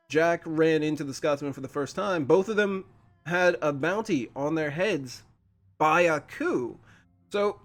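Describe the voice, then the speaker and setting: A man hosting a casual episode reaction review, chatty and quick with frequent laughs. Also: on the high side. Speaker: channel host.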